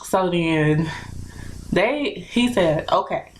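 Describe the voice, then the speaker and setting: A young woman telling a personal story in a casual, animated, chatty way with lots of fillers. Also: on the low side, moderate pace, slight background noise, low-quality recording. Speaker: vlogger.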